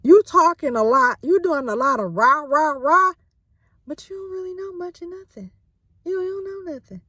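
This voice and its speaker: A woman's voice: extremely high pitch, lively intonation, moderate pace, pushed and bright, no room sound, studio quality, voice pushed up, full character voice. A woman voicing a stern, all-knowing deity who bluntly scolds a man in slang. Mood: scolding.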